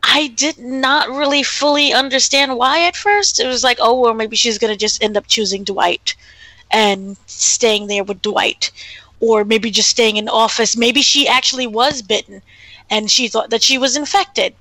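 Female co-host, higher bright voice, hesitant casual opinions, dry close sound. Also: unhurried, no echo, poor audio. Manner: hesitant, lots of ums. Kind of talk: casual chat.

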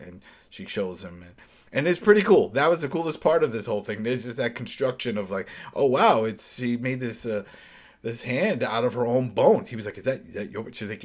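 A man co-hosting a casual recap chat, animatedly acting out scenes in quick mimicked voices. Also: on the low side. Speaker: podcast co-host.

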